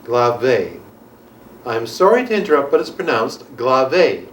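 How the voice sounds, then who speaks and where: A man's voice: mid-range voice, very animated, normal speed, slight background noise, close to an everyday voice. An actor playing a polite, pedantic male history professor, recorded in an echoey room from a distance. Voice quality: polite, pedantic about pronunciation. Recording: echoey room, mic far off.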